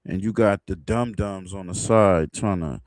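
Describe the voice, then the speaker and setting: Low-voiced man rambling on a livestream. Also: unhurried, a little mellow, dry recording, clean studio sound. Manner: loose, rambling, laughs at his own jokes. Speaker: livestream host. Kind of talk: casual livestream commentary.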